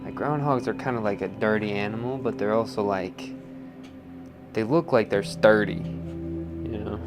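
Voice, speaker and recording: A man's voice: fairly low pitch, normal speed, over music. Rambling, jokey man potter. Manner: rambling, filler-heavy, jokey. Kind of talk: casual interview chat.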